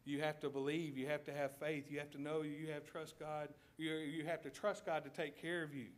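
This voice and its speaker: A man preaching a sermon in a church, telling a story with lively checks of the congregation. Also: fairly high pitch, brisk. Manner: animated storytelling, addresses congregation with "okay?". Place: church sanctuary.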